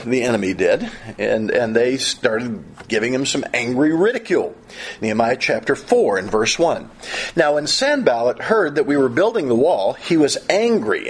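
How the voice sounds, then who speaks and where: A middle-aged man preaching a sermon in an animated way, often repeating and restarting his phrases. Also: medium pitch, slightly rough.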